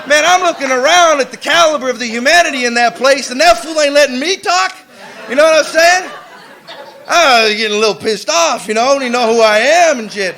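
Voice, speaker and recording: High, bright-voiced man telling a slangy story. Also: fairly quick, a faint crowd. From United States. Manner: streetwise storytelling, slangy and swearing; animated, acts out quotes with laughter. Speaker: AA speaker. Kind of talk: recovery meeting talk. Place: meeting room before an audience.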